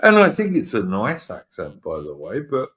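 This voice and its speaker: A man hosting a casual live-stream chat, speaking haltingly and repeating words as he reads the chat aloud. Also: on the low side, huge pitch swings, fairly bright tone. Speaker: host.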